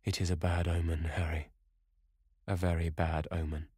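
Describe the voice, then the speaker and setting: A man voicing a sensitive, brooding young gentleman who speaks in a subdued, anxious way, in an audiobook reading. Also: sits low, fairly quick, no room sound, clean studio sound, close to an everyday voice. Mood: gloomy.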